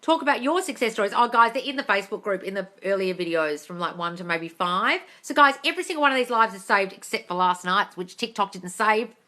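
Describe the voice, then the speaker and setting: A young woman hosting a casual live Q&A from her phone, animated and blunt and swearing freely as she reads out viewer comments. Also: medium pitch, a little fast, few pauses. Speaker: manifesting coach hosting a live Q&A. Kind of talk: casual livestream chat reading viewer comments. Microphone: phone mic on a social media live stream.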